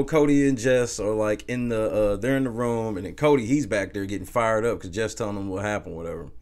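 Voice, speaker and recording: A man recapping events in a loose, casual way, cursing freely and laughing at the funny parts. His pitch sits in an ordinary middle range for a man. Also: darkish tone. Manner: casual, profane, laughs while recounting. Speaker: show recap host. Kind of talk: casual reality-show recap.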